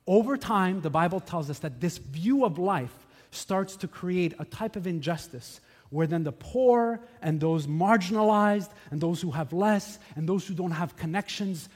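Animated pastor preaching in a big hall. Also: male voice, high voice, measured pace, husky. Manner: animated storytelling, swings from shouting to hushed. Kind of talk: sermon. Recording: long reverb of a large hall.

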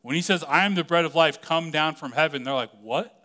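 A man preaching a sermon in a conversational, animated way, acting out the voices of the people he quotes. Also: on the high side, quick pace. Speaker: pastor.

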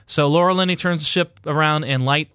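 A man's voice: on the high side, fairly even intonation, brisk, fairly bright tone, clear, resonant tone, dry recording, studio quality. A man recapping a movie in casual, profane podcast chat, rambling and irreverent and laughing as he goes. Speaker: podcast host recapping a film.

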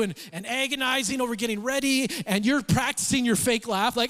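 A man preaching a sermon, telling stories with acted-out quotes in an animated, conversational way. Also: very high-pitched, fairly quick, hardly any pauses. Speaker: pastor. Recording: reverberant church hall.

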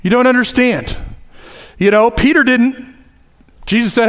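A man preaching a sermon in a conversational, animated way, acting out little asides as he goes. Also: very high-pitched, moderate pace, long pauses.

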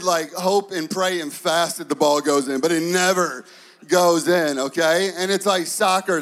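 A man in his thirties preaching a sermon, telling stories in an animated, playful way. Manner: animated storytelling, acts out kids in high voices. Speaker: pastor.

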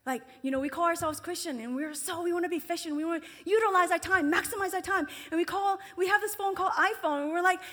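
A woman with a high voice preaches in a casual, conversational way. She acts out the voices of the people in her story and sometimes drops to a whisper for emphasis. Her voice carries a long reverb from a large hall. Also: steady tone, fast talker, few pauses, a bit bright. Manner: conversational, acts out quoted voices with big pitch jumps. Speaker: speaker at a ministry gathering. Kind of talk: sermon.

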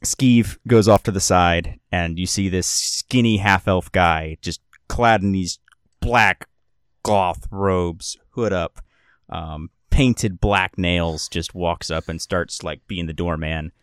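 A man's voice: low-pitched, slow, clear, resonant tone, no echo, studio quality. A man narrating as game master of a tabletop game, loose and rambling with many restarts.

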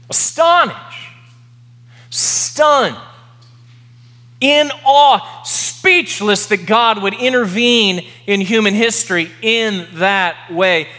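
A man preaching a sermon as pastor, emphatic, repeating key words slowly for effect. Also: high voice, pushed and bright. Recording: long reverb of a large hall.

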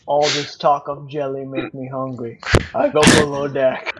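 A man's voice: medium pitch, flat delivery, unhurried, very noisy, lightly acted. A man voicing a hungry, hearty male giant brute who speaks in simple, clipped phrases.

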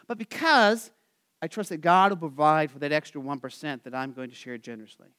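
A man preaching from the pulpit, his voice high and clear. He draws answers out of the congregation, climbs up with energy and sinks to a quiet hush at the end of phrases. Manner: asks the congregation for call-and-response answers; animated, dropping to soft quiet endings. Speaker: pastor. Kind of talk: sermon.

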